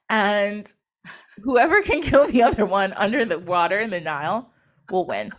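A young woman hosts a podcast, casually retelling a myth with slangy modern quotes and frequent laughter. Her voice sits on the high side, swings widely in pitch, and moves at a slow pace.

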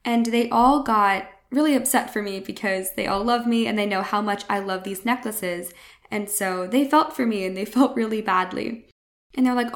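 A woman's voice: mid-range voice, moderate pace. Earnest woman hosting a spiritual podcast. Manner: earnest, reassuring, conversational. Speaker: podcast host.

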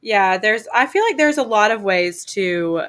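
A woman's voice: medium pitch, expressive, a little slow, a bit bright. A young woman co-hosting a podcast, chatting casually and rambling through stories with lots of fillers and laughter. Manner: rambling storyteller, many fillers, often laughing. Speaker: podcast co-host. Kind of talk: casual chat. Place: Hawaii.

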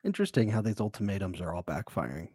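Man, podcast co-host, laughs often, animated voice, dry sound. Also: sits low, fast, slightly rough, no room sound. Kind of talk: casual chat recapping a reality show.

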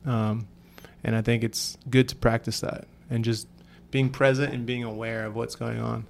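A man's voice: mid-range voice, little pitch movement, moderate pace, gravelly. A man chatting casually about riding bikes, rambling with lots of fillers. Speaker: cyclist sharing stories. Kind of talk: casual chat.

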